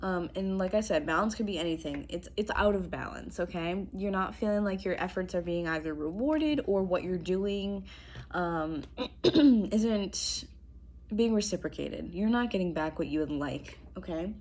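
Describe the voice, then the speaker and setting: A young woman with a lowish voice gives a casual tarot reading from her apartment, chatty and full of fillers. Her throat sounds strained, and she clears it now and then. A faint hiss sits under the recording. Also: normal speed, darkish tone. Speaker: tarot reader. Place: apartment room indoors.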